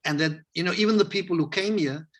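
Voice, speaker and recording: A South African man talking in a relaxed, rambling way and acting out the voices of people he quotes, as a guest on a video call interview. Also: sits high, fast. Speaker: hip hop educator, interview guest. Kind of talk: casual interview conversation.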